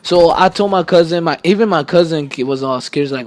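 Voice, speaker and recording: A man's voice: a little high, brisk. A teenage boy vlogger telling a story to camera in a casual, rambling way, swearing often and laughing at himself.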